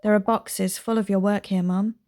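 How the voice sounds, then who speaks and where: A woman with a medium-pitched, warm voice reads the part of an earnest grown daughter. She speaks at a normal speed with fairly even intonation, sounding close to everyday speech.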